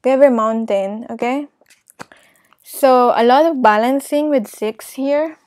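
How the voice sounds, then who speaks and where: A woman's voice: high-pitched, measured pace, darkish tone. A woman giving a casual tarot reading, talking straight to the viewer with lots of laughter and reassuring "okay?"s, moved close to tears. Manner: emotional, laughs often, talks to viewer directly. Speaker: tarot reader.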